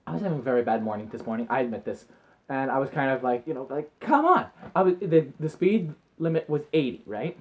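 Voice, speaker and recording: A man chatting to camera in a casual vlog, telling rambling, excitable stories and acting out the moments as he goes. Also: medium pitch, fast. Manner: rambling, excitable storytelling with acted-out asides. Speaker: vlogger.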